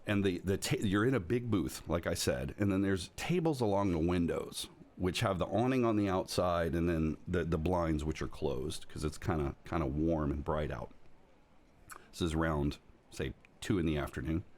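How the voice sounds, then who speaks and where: A man with a very low voice runs a tabletop game as game master. He narrates in a loose, rambling way, joking and restarting his sentences. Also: moderate pace, darkish tone. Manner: rambling, jokey, many fillers and restarts.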